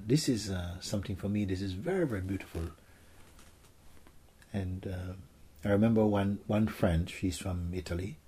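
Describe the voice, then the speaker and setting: Casting: deep, warm-toned man as a spiritual teacher, soft and gentle. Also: husky. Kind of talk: spiritual Q&A talk.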